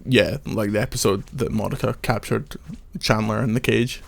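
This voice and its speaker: A man's voice: fairly low pitch, fairly even intonation, moderate pace, gravelly. A young man with a wry, joking manner, chatting casually while playing a video game. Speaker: games video host, playing. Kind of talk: casual let's-play chat.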